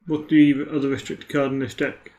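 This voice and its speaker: A man's voice: medium pitch, level tone, moderate pace, warm tone. A British man co-commentating a card game match in casual chat, with dry jokes and offhand asides.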